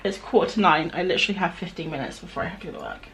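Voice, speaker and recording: A woman's voice: fairly low pitch, rapid-fire. Chatty young woman vlogging. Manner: chatty and relaxed, self-deprecating. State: out of breath after a run. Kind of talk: casual chatty vlog.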